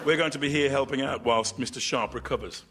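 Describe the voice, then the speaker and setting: An actor playing a prim, exasperated middle-aged son from London who manages a classical music store, in a radio sitcom. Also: male voice, medium pitch, brisk, fairly bright tone, husky.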